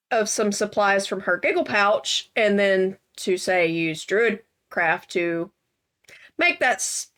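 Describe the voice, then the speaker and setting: A woman playing a tabletop game, speaking gently and soothingly at a slow pace. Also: medium pitch. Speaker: player.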